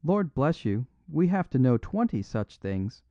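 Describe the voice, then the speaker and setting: A man's voice: mid-range voice, very animated, measured pace, no room sound, voice pushed up. A man reads a humble little priest who speaks simply and apologetically, his voice rising and falling freely. The recording is dry and a little dull, with no room sound. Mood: mild apologetic. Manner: simple, unaffected, gently apologetic. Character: mild, modest little English priest, apologetic.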